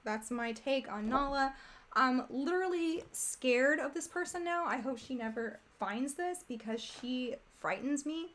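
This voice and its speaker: A woman's voice: sits high, animated, measured pace, fairly bright tone. A woman hosting a casual commentary stream, talking in a rambling, exasperated, chatty way. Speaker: streamer host.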